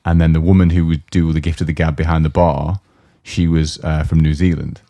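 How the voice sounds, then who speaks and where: A deep, mellow-voiced man chats fast and loosely on a podcast. He rambles through anecdotes and acts out the people he talks about. The sound is dry and close. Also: little pitch movement, no room sound. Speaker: podcast co-host. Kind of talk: casual chat. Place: indoor podcast studio.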